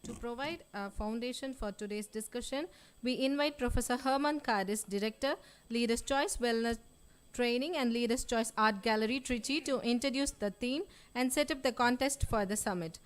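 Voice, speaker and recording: A woman's voice: on the high side, moderate pace, smooth. A woman serving as emcee at a summit, formally reading out a speaker introduction. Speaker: event emcee. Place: college hall.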